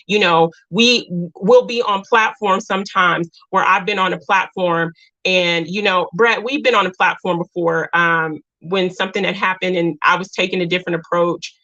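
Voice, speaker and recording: A woman's voice: on the low side, sharp tone, highs cut off. A woman hosting a casual live stream, speaking earnestly and repeating her points, close to tears. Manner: earnest, repeats herself, reads viewer comments.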